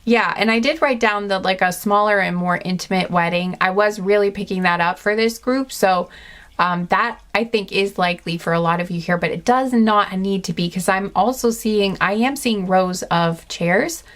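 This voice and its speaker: A woman giving an intuitive pick-a-card reading, chatting gently and earnestly with lots of fillers and restarts. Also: medium pitch, normal speed. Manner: rambling, many fillers and restarts. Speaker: tarot card reader.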